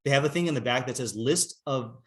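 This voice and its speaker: A man teaching an informal text class, halting and rambling with many fillers, reading Hebrew passages aloud and translating them. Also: medium pitch, a bit bright.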